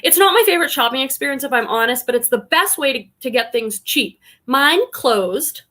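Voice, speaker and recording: A Boston woman who's a live stream host and online reseller chats warmly in a casual stream, greeting viewers one by one as she reads the chat aloud. Her voice sits high, animated and brisk.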